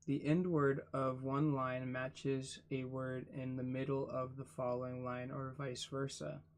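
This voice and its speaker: A man reading a book aloud for his channel, spelling out words letter by letter and adding quiet asides. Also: mid-range voice, level tone, a little slow, a little hiss or hum. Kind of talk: casual read-aloud.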